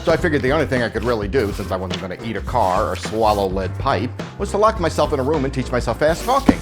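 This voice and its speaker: Middle-aged man, fast and animated. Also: medium pitch, music in the background. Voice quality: crisp rapid-fire articulation. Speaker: interviewee. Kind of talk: animated interview storytelling.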